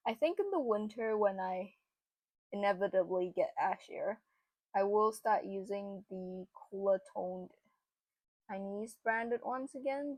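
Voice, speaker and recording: A woman's voice: mid-range voice, a little mellow, dry recording. A young woman narrating a makeup tutorial in a chatty, casual way, with lots of fillers. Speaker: beauty vlogger.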